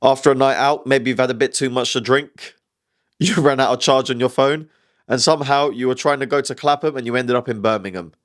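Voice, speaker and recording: A man's voice: mid-range voice, brisk, fairly bright tone. A man hosting a comedic news roundup, chatty and wry, laughing at his own jokes.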